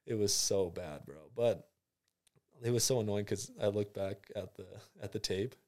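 A man's voice: on the low side, normal speed, darkish tone. A young man, a college football player, telling a story in casual chat with slang and acted-out reactions. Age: young adult. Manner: laid-back storytelling, slangy, acts out his own reactions.

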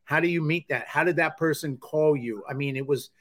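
A man's voice: on the high side, a little fast, a bit bright. A man hosting a podcast interview, reflecting in an encouraging, casual way on what his guest said. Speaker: podcast host.

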